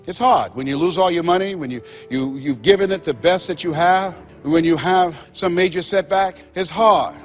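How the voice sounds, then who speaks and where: Male motivational speaker, pitched high, delivers with preacher-like emphasis and repetition over faint music. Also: normal speed, hardly any pauses, lo-fi sound. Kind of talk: motivational speech to an audience. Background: faint background music.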